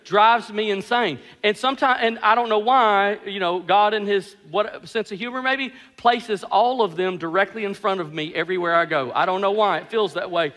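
Man, pastor, high voice, bright tone, animated sermon storytelling, self-mocking humor, long hall reverb. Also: normal speed, hardly any pauses.

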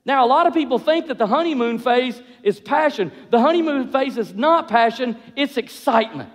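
A man preaching a sermon, animated, acting out the voices of couples as he goes. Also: very high-pitched, normal speed. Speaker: pastor. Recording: long hall reverb.

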